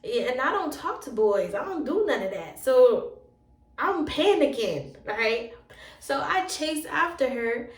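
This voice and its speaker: Animated woman telling a story, roomy sound. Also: high-pitched, measured pace. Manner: animated retelling, acting out the dialogue. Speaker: storyteller and relationship coach. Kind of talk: casual storytime vlog. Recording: roomy sound, voice from a distance from the mic.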